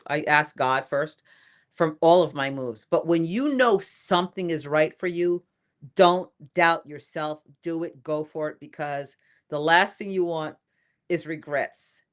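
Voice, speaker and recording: Older woman, low voice, emphatic and animated, casual interview guest. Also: unhurried. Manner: lively, emphatic, repeats phrases for emphasis. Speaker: inventor and guest.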